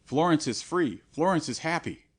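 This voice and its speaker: A man's voice: mid-range voice, lively intonation, moderate pace, natural voice. A man reading an audiobook and voicing a dying nobleman who pleads in fear for forgiveness. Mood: desperate. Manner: anguished, imploring. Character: dying Renaissance lord, frightened and pleading man.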